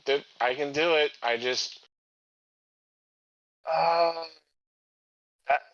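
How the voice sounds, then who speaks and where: A man playing a tabletop game who keeps stumbling and repeating himself. His voice is sharp and bright, and comes through a dull, lo-fi mic. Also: a little high. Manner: halting, stumbles and repeats words. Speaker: player. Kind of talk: casual tabletop game chat.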